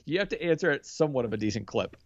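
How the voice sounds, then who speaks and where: A man's voice: mid-range voice, lively intonation, very fast, dry recording, highs cut off. A man co-hosting a casual podcast, running a quiz with a teasing, amused manner. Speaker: podcast co-host, quiz master. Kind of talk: casual chat.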